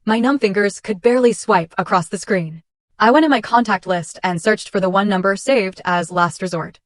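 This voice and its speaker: A woman's voice: mid-range voice, dry recording. Woman reading a dramatic story, dry. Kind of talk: scripted first-person story narration.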